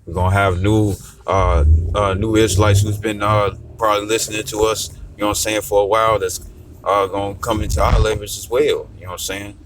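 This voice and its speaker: A man's voice: on the low side, level tone, fairly quick, background noise. A man talking casually in a discussion, often checking in with "you know what I'm saying". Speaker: discussion participant.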